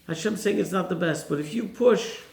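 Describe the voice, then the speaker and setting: Male rabbi preaching with a gravelly, slightly high voice in a roomy space. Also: brisk. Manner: poses rhetorical questions to the listeners. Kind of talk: sermon. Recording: roomy echo.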